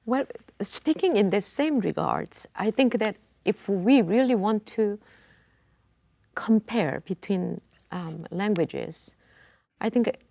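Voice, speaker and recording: A woman who is a native Korean speaker, speaking English with a Korean accent as a panelist in a studio roundtable, measured and deliberate. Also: mid-range voice, animated, gravelly, dark tone, no room sound. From South Korea. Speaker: panelist, voice teacher. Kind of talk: roundtable discussion. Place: video studio.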